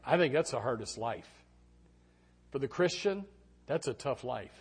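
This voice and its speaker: A middle-aged man preaching a sermon, telling stories with sudden shouted quotes. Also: mid-range voice, measured pace, breathy edge. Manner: animated storytelling with shouted quotes. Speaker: pastor.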